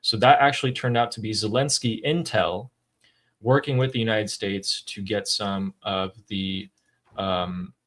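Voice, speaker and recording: A man's voice: fairly low pitch, steady tone, a little slow, fairly bright tone. A man co-hosting a political commentary show, explaining the news in a casual, emphatic way.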